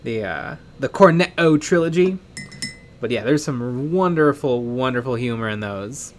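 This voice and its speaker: A man's voice: mid-range voice, normal speed, a little hiss or hum. A man co-hosting a live miniature painting stream, chatting casually, reading viewer comments and laughing often. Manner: excitable, laughs often, trails off.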